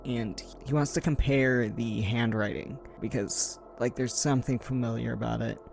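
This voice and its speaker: Gravelly man narrating his game character. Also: mid-range voice, fairly even intonation, moderate pace, a little mellow, slight background noise. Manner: filler-heavy, describes his character's actions. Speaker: tabletop game player. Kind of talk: casual tabletop game narration.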